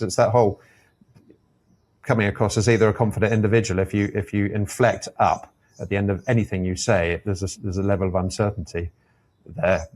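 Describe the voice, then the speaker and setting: A man, an airline captain, speaking as a podcast guest in a reflective conversation and explaining his ideas in a thoughtful, measured way. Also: on the low side, steady tone, darkish tone.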